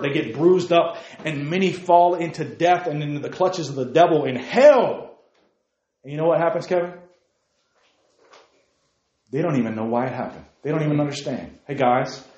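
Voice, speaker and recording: A man preaching a sermon to a youth group, fervent and emphatic, repeating his key phrases and talking fast. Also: medium pitch, darkish tone, echoey room. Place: meeting room.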